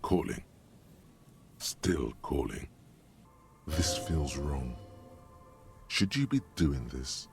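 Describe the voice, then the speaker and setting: Omniscient game narrator, extremely deep and gravelly, faint music behind. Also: male voice, animated, full character voice. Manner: measured, dry.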